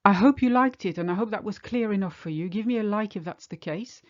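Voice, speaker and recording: A woman with a French accent, a native French speaker, teaching an online lesson and explaining examples slowly and clearly. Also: medium pitch, muffled recording.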